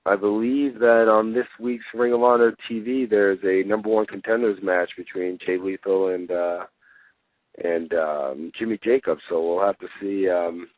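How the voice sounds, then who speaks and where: A young adult man, a guest on a wrestling talk show, chatting casually and rambling with plenty of fillers, getting excited as he retells stories. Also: low voice, normal speed, dry recording. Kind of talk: casual interview chat. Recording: tinny phone line.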